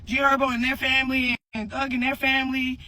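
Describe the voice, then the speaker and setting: In a low-quality recording, a mother sends her followers a casual, heartfelt video message. Her voice sits high with little pitch movement, fairly quick, bright and forceful. Earnest and rambling, she keeps looping back with fillers, repeating "for real" and "you know what I'm saying."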